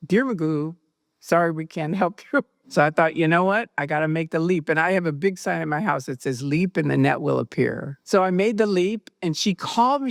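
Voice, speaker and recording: Animated woman telling her own story. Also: lowish voice, fairly quick, vocal fry, no echo, studio quality. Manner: animated, acts out quoted dialogue. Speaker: guest recounting her experiences. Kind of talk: personal storytelling.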